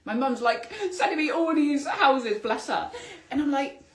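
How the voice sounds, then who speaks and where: Animated woman in a roomy echo. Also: sits high, measured pace. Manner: animated, exclamatory, spiritual vocabulary. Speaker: podcast host. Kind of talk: solo podcast storytelling.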